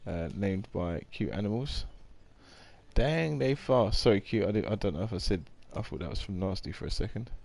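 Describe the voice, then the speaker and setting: A man's voice: low voice, quick pace, hardly any pauses, warm tone. A man, chatting casually on a live game stream, rambling and reading out viewer comments.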